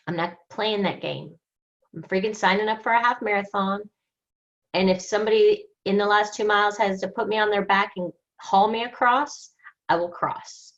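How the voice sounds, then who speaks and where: A woman leading a group coaching session, talking in an emphatic, energetic, motivational way. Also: mid-range voice, dull audio. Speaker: book study group leader.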